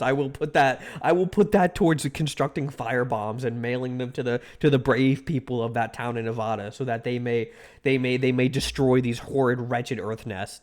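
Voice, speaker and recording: A young man live-streams in a loose, rambling chat with his audience. He gets excitable, jokes around and swears freely, his voice sitting in a middling pitch for a man.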